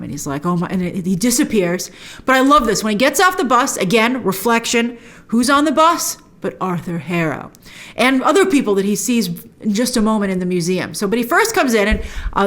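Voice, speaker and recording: A woman host giving a chatty, animated recap of a TV episode, laughing often and acting out lines. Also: mid-range voice.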